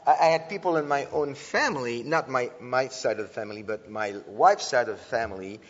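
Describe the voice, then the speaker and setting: A man's voice: mid-range voice, a little fast. Earnest man speaking in an echoing hall. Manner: earnest, with frequent restarts and filler sounds. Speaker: speaker teaching about antisemitism. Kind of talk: animated talk to an audience. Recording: dull lo-fi sound with long hall reverb.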